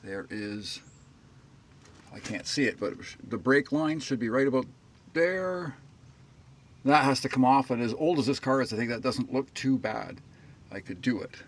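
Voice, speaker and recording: A man's voice: medium pitch, animated, moderate pace, pauses often. A man giving a rambling, folksy, self-deprecating how-to talk while working on a jacked-up car outdoors. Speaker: DIY car repair vlogger.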